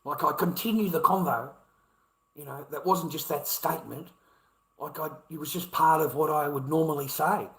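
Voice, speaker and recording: A man's voice: fairly high pitch, normal speed, a bit bright, reverberant, low-quality recording. An older Australian man ranting in an aggrieved, swearing, repetitive vlog monologue.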